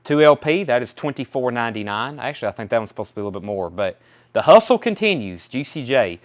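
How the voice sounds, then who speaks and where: A man's voice: medium pitch, big pitch swings, quick pace. A young man hosting a live record sale stream, chatting casually while he rattles off album titles and prices.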